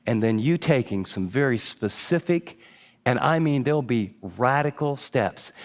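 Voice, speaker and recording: Emphatic man preaching a sermon. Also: a little high. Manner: emphatic, teaching from notes. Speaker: pastor.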